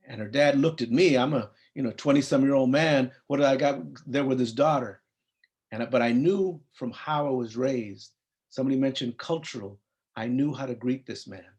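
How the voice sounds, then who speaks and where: A man's voice: mid-range voice, moderate pace, darkish tone. A man in his fifties from California, a psychologist telling an earnest personal story at a briefing and acting out the dialogue. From US (Compton, California). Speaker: psychologist and program founder.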